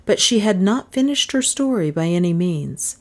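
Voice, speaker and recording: A woman reading a novel aloud in measured, dramatic narration. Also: lowish voice, animated. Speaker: audiobook narrator. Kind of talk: scripted narration.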